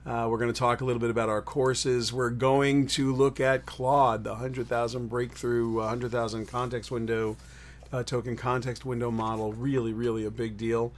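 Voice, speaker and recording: A man's voice: mid-range voice, flat delivery, moderate pace. Chatty man hosting a live stream. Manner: rambling, greets viewers in chat. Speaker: host of a live tech show. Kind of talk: upbeat live-stream chat. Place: in New York City.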